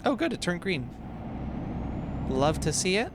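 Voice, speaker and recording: A man's voice: sits high, big pitch swings, a little slow. A man in his twenties, a streamer chatting playfully and reading his chat aloud while he plays a game. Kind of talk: casual live-stream chat while gaming. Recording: truck engine noise from the game.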